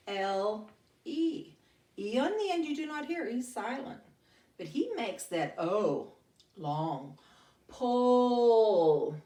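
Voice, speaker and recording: A woman leads a phonics lesson for young children, stretching words out in a slow, sing-song way. Her pitch swings widely as she encourages. She sounds a little distant from the mic, in an echoey room. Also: darkish tone. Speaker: teacher.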